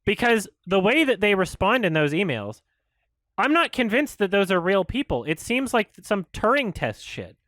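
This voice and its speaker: Lively high-voiced ranting man. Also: normal speed, no echo, clean studio sound. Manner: frustrated, swearing, animated ranting. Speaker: YouTube commentator. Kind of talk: ranting commentary.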